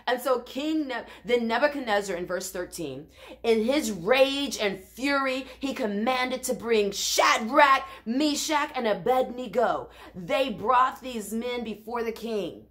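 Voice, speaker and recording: A woman's voice: a little high, animated, measured pace, a bit bright. A woman teaching a Bible study in an informal, conversational way, often restarting and adding asides.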